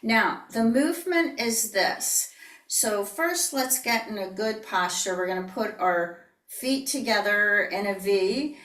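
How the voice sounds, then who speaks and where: A woman instructor giving calm, breathy step-by-step movement cues in an online class. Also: medium pitch, slow. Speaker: yoga and tai chi instructor. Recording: roomy, distant online-class audio.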